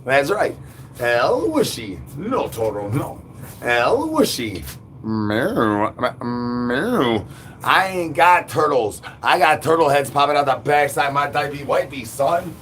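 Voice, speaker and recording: A man's voice: mid-range voice, normal speed, a bit bright, slight background noise. A man, rambling through an absurd monologue with sing-song rhyming babble and nonsense words. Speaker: livestream host.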